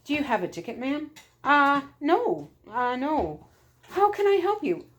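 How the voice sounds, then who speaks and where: A woman voicing a flustered female airline gate attendant who speaks in a high, hurried, stumbling way. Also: sing-song.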